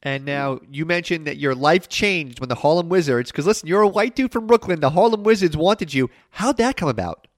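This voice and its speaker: A man's voice: fairly high pitch, lively intonation, fairly quick, hardly any pauses, no room sound, studio quality. A man hosting an interview, asking questions in an enthusiastic, encouraging way. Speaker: podcast host. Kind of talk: casual interview.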